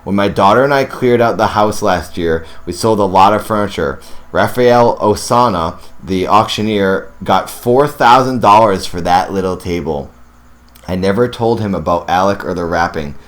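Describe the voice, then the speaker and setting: A man's voice: sits low, normal speed. A man who hosts a ghost story show, reading a first-person account aloud and now and then breaking off to react. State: teary and sniffling. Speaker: host reading ghost stories. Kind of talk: story reading with excited asides.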